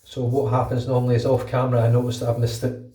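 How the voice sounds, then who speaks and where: A man's voice: medium pitch, monotone, quick pace, warm tone, far from the mic. Chatty sweary British man, echoey bathroom. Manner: chatty, swears freely, rambling. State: under the weather with a cold. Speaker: shaving vlogger. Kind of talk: casual vlog talk while shaving. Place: bathroom at home. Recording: echoey room, voice off-mic.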